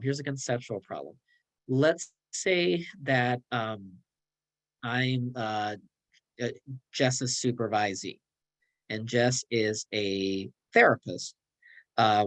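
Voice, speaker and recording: A man's voice: medium pitch, fairly bright tone, rough recording. A man presenting a clinical training online, sarcastic and acting out short dialogues between colleagues. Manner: sarcastic, role-playing colleagues in quick dialogue.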